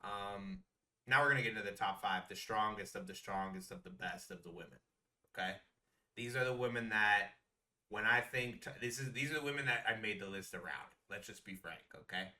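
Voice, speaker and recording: A young man co-hosting a casual podcast, animated and slangy, repeating himself for emphasis. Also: lowish voice, brisk, far from the mic. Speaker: podcast co-host.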